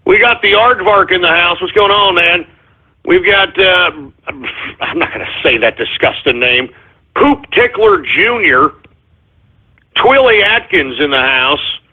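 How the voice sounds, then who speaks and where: Male radio host, high husky voice, exasperated mock-angry rants, tinny phone-grade sound. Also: animated, a little slow. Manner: mock-angry ranting, swearing, exasperated outbursts. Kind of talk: live internet talk radio, reading listener shout-outs.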